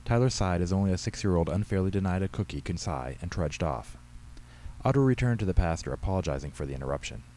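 Man, author narrating, low voice, warm, measured storytelling. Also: animated, slight background noise, rough recording. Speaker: author reading his own story. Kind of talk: scripted narration.

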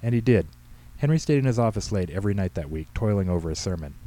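A man reading aloud his own humorous short story with a brisk, wry delivery. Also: low voice, animated, mellow, poor audio. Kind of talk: storybook narration.

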